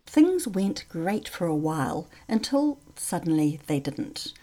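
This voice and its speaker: A woman narrating a documentary podcast in a measured, matter-of-fact scripted read. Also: on the low side, big pitch swings, warm tone.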